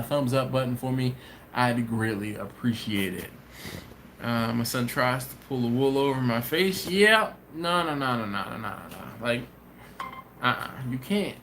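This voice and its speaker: A man's voice: mid-range voice, a little hiss or hum. A man hosting a live stream, casually chatting and reading viewer comments aloud, telling stories with slang and frequent laughter. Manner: laughs often, animated storytelling, slangy. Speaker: host of a barbecue channel live stream.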